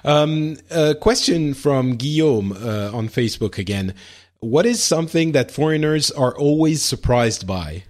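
A man's voice: fairly high pitch, lively intonation, unhurried. A man co-hosting a podcast in casual chat, asking questions and laughing easily. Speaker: podcast co-host.

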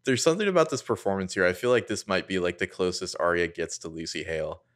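A man with a very low voice co-hosting a podcast, trading wry, sardonic remarks in loose casual chat. He swears offhandedly and keeps things relaxed. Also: quick pace. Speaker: podcast co-host.

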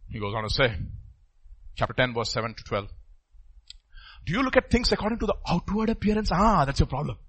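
A pastor preaching a sermon emphatically, his voice swinging from loud outbursts to hushed asides. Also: a little high, sing-song, brisk, long pauses, husky.

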